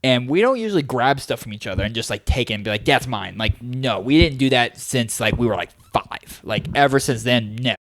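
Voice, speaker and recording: A young man co-hosting a podcast, telling stories in a loose, animated way, leaning on "like" and "dude" as fillers. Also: medium pitch, brisk, hardly any pauses. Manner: animated storyteller, heavy filler use of "like" and "dude". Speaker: podcast co-host. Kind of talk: casual chat.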